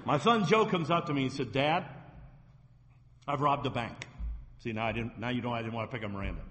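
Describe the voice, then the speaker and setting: A man's voice: mid-range voice, very animated, rapid-fire, fairly bright tone, slight background noise. Male pastor, sermon delivery, emphatic, ringing church reverb. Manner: emphatic preaching, reading scripture aloud with rising force. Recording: long reverb of a church hall.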